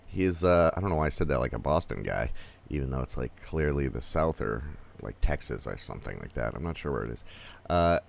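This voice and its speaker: Deep-voiced chatty man reviewing a film. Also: lively intonation, brisk, vocal fry. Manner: rambling, chatty, with many fillers. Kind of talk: casual spoken movie review.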